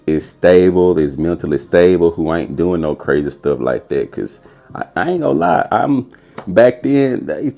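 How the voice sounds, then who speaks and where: A young man telling a casual, animated story as a podcast host, putting on a high voice for quotes. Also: gravelly.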